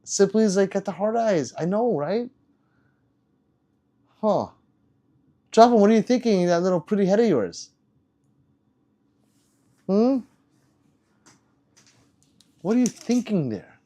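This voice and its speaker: Animated, joking male livestreamer. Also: sits high, measured pace, pauses often. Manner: joking, teasing, rambling. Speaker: livestreamer reading chat. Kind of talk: casual livestream chat.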